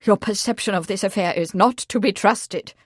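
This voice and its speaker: A woman reading an audiobook, voicing an imperious, hysterical older aristocratic mother who speaks in a shrill, cutting way. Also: moderate pace, breathy edge, dry recording, clean studio sound, natural voice.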